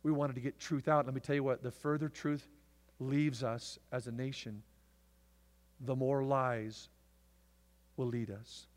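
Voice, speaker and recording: A man preaching a sermon to his church, swinging from loud, emphatic declarations to hushed asides. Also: medium pitch, level tone, measured pace, long pauses. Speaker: pastor. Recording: long hall reverb.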